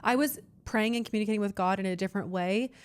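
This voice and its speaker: Smooth-voiced young woman, earnest storyteller. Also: medium pitch, fast talker. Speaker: podcast host. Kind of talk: candid personal chat.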